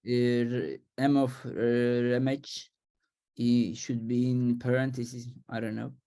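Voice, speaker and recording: A man answering as a student in an online class over a video call, hesitant and unsure, with many pauses. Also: mid-range voice, little pitch movement, dark tone.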